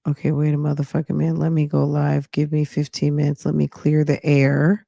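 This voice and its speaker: A woman's voice: deep voice, monotone, a little fast, vocal fry, hardly any pauses, warm tone, no echo. Woman host, chatty true-crime recap, dry studio sound. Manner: chatty, retells the clips. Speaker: podcast host. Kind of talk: casual true-crime commentary.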